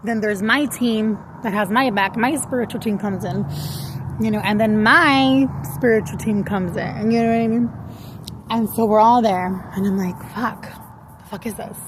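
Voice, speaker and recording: A woman's voice: a little high, normal speed, background noise. A woman telling a rambling, profane story to her viewers in a casual vlog. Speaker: vlogger.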